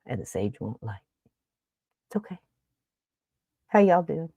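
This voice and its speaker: A woman's voice: sits low, big pitch swings, measured pace, warm tone, husky, no echo. A woman podcast host telling a funny story in casual chat, acting out both sides of a phone call with jokes.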